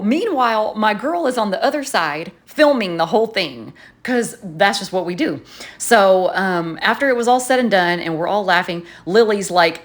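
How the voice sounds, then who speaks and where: A chatty woman, speaking at an ordinary, mid-range pitch. She tells her story in an animated, expressive way while working on her journal, like a casual vlog chat. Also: normal speed. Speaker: journaling vlogger.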